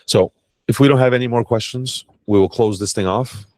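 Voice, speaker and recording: A man's voice: medium pitch, brisk, darkish tone, no room sound. A man teaching an online class on crypto and banking, talking casually and bluntly, swearing now and then and briefly acting out bank staff. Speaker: crypto tax educator. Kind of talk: casual masterclass talk.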